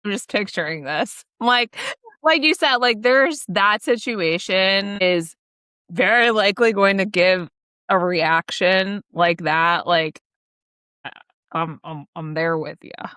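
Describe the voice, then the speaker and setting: A woman's voice: mid-range voice, slow pace, pushed and bright, clean tone, dry recording, studio quality. A woman co-hosting a podcast, talking in a reflective, coaching way with casual fillers. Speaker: podcast co-host. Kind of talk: casual chat.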